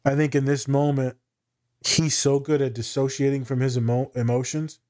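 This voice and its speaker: A man's voice: medium pitch, level tone, normal speed, a little mellow. A man, a therapist and teacher, chatting casually and bluntly, swearing freely and using dry humor. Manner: candid, profane, dry humor. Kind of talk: casual podcast chat.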